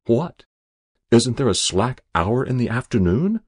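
A man voicing a hearty, exclamatory English gentleman angler with an upper-class manner. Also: medium pitch, big pitch swings, unhurried, breathy edge, dry recording, clean studio sound. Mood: exasperated.

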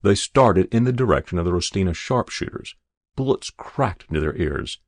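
A man narrating a short story in a slow, measured reading. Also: low voice, lively intonation, no room sound.

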